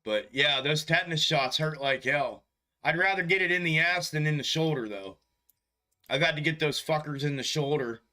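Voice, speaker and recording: A man's voice: a little high, normal speed, bright, forceful tone. A man hosting a stock market livestream in casual chat, laid-back and profane, often chuckling and calling viewers bro. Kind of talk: casual live-stream chat.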